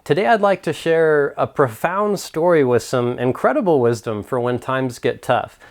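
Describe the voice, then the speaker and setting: A man's voice: medium pitch, animated, normal speed. A man hosting a mental health video, narrating a story and reflecting earnestly in a scripted delivery.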